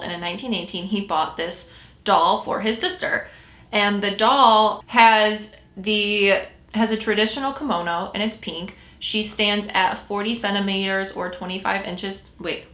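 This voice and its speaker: A woman tells a story in a loose, conversational way and often stops to correct herself. Her voice is bright and forward. The sound carries noticeable room echo. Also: medium pitch. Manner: chatty, self-correcting storyteller. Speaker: podcast host. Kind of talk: casual storytelling chat.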